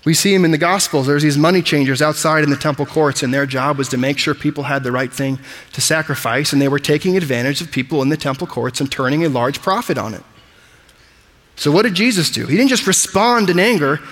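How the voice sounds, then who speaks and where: A man's voice: a little high, a little fast, fairly bright tone. Emphatic preaching man in a reverberant hall. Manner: emphatic preaching, explains Greek words. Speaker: pastor. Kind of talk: sermon.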